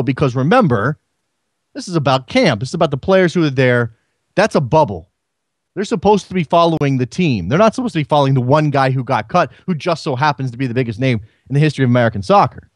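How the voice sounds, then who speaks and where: A male sports radio host chats loosely into a studio microphone, doubling back on his words as he works through a thought. His voice sits a little high for a man, and the sound is close and dry, with no room around it. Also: very animated, brisk, dry recording. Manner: chatty, repeats words while thinking aloud. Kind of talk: casual call-in radio commentary.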